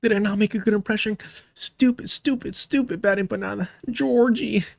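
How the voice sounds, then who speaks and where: A man's voice: high voice, moderate pace, vocal fry, dry recording, voice pushed up. A man putting on a whining, self-pitying voice for a pathetic figure who begs a guest not to leave.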